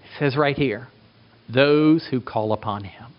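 A middle-aged man preaching a sermon as a pastor, emphatic, asking rhetorical questions and swinging his pitch for effect. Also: measured pace. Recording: dull lo-fi recording.

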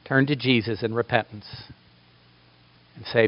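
A man's voice: lowish voice, moderate pace, pauses often, no echo, lo-fi sound. A man preaching a sermon with passion, building to emphatic peaks. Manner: impassioned, rising to emphatic peaks.

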